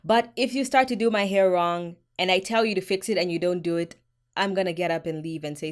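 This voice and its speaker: A woman's voice: lowish voice, fairly quick. Frank woman giving hair advice. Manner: frank, emphatic, speaks straight to viewers. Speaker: hair care vlogger. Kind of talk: direct-to-camera advice vlog.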